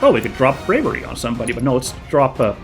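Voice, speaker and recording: A man hosting a let's play, chatting casually and reacting out loud to the action as he plays. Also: mid-range voice, very fast, over music. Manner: chatty, excitable, reacts aloud to gameplay. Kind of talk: casual gameplay commentary.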